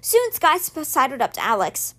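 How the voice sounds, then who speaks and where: A woman with a high voice reads a novel aloud, carrying the narration at a steady pace. Her storytelling is lightly expressive and even. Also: normal speed. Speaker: book reader, podcast host.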